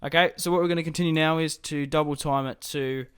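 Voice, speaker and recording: A man's voice: a little high, steady tone, quick pace, fairly bright tone, clear, resonant tone, no echo, studio quality. A man casually commenting on his strategy game as he plays, thinking aloud about his moves. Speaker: gaming YouTuber.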